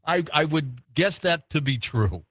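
A man's voice: fairly high pitch, expressive, measured pace, fairly bright tone, no echo. Guy hosting late night radio, chatty and friendly, dry close sound. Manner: genial, chatty, laughs easily. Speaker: radio talk show host.

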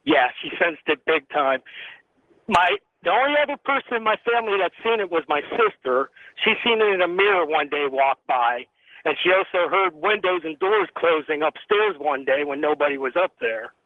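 A man phoning into a late-night radio show tells his story in an earnest, steady way, pausing on ums. His voice sits high for a man. It comes through a thin phone line with no room sound. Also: no echo. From Tennessee. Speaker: caller.

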